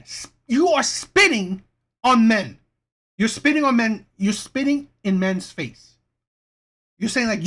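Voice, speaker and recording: Woman commentary host, emphatic and indignant, high-ish voice with big swings. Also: big pitch swings, slow, a bit bright. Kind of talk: reaction commentary.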